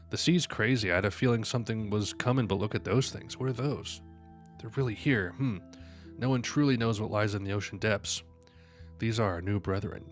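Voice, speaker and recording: A man's voice: lowish voice, faint music behind. A man streaming live, reading manga panels aloud and reacting between lines, sleepy and yawning. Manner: reads every character's lines aloud between quick reactions.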